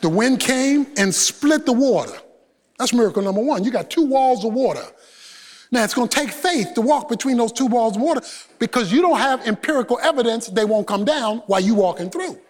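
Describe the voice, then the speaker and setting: A man preaching a sermon as pastor, emphatic and animated, swinging between loud bursts and hushed asides. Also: very high-pitched, brisk, long reverb tail.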